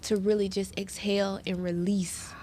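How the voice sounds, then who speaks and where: A woman tells her own story as an interview guest, earnest and heartfelt, now and then turning to the audience directly. Her pitch sits in a middle range for a woman. A faint noise runs under the recording. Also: little pitch movement, moderate pace, mellow. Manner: earnest and heartfelt, talks straight to listeners. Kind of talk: emotional personal story in an interview.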